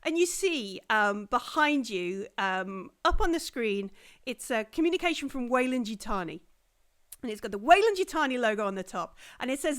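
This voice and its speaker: A woman's voice: fairly high pitch, expressive, moderate pace, fairly bright tone, clean tone. Woman narrating a tabletop game. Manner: rambling, many fillers and restarts, acts out characters. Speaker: game master.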